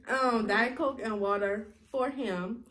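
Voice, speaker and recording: A woman co-hosting a casual eating vlog, chatty and drawn-out when she explains. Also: on the high side. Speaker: co-host. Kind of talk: casual mukbang chat.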